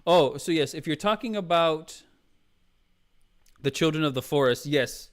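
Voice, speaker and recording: A man's voice: a little high, expressive, a little slow. A man streaming a casual review chat, rambling with many fillers and restarts, calling viewers "Mama".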